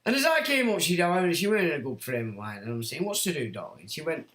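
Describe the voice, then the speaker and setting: A man's voice: a little high, sing-song, quick pace, hardly any pauses, sharp tone, reverberant. A man hosting a livestream, reading chat comments and ranting in a blunt, sweary, sardonic way. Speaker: livestream host.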